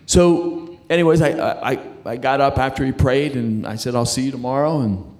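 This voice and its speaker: A middle-aged man with a mid-range, darkish voice shares his personal faith testimony in conversation. His delivery is halting; he stumbles, repeats words, and restarts as he tells his story.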